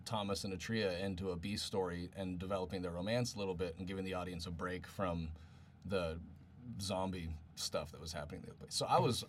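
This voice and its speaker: A man's voice: deep voice, slight background noise. An American man, a director, chatting eagerly and at length in a commentary. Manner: eager, talkative. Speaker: episode director and co-writer. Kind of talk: casual commentary chat.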